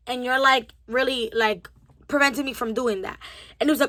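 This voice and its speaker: A young woman in her twenties telling a story-time vlog in a lively way, acting out both sides of the conversation. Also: sits high, fast, no echo. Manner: animated, acts out both sides of the dialogue with a rising temper. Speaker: vlogger.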